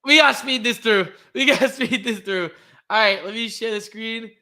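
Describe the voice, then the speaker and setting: Excitable high-voiced young man chatting sports. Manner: excitable, trash-talking, quick to shout. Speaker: podcast co-host. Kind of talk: casual sports chat.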